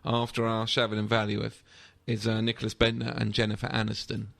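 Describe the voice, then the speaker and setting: A man hosts a chatty football podcast, his voice gravelly and bright. He tells stories with a wry, joking touch. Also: fairly low pitch, completely flat delivery, fairly quick, dry recording. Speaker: podcast host. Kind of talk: casual banter about football.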